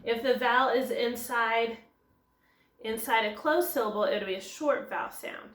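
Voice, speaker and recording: In an echoey room, a woman teacher records a phonics lesson, explaining things step by step and answering her own questions. Her voice is fairly high and a bit bright, and she speaks at a normal speed.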